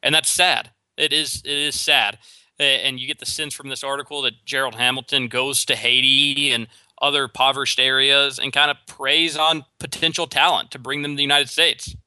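Male sports talk host, opinionated and quick, stumbling over restarts, crisp dry booth sound. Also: mid-range voice, steady tone, pushed and bright, dry recording. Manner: opinionated, rapid with frequent restarts. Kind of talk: solo sports talk commentary.

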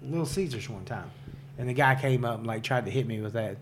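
A man's voice: medium pitch, brisk. Male co-host, easygoing storyteller, mid-range voice, light background hiss. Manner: loose, profane, laughs often, heavy use of like and dude. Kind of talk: casual storytelling chat.

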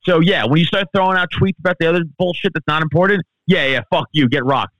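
A man's voice: on the high side, fast, a bit bright, dry recording, dull audio. A male comedian as a podcast guest, ranting heatedly and swearing a lot. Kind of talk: podcast interview.

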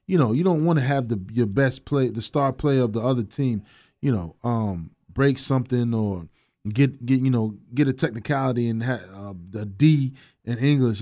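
Sports radio host, male, mid-pitched, loose and jokey. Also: darkish tone. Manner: loose, joking, laughs often, trails off mid-sentence. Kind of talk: casual sports talk radio banter.

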